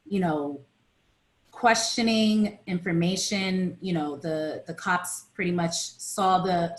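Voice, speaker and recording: A woman on a video call, recounting events to an online group with frequent pauses and fillers. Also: fairly low pitch, reverberant. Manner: hesitant, many fillers and restarts. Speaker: presenter on a panel. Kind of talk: reading a timeline to an online group.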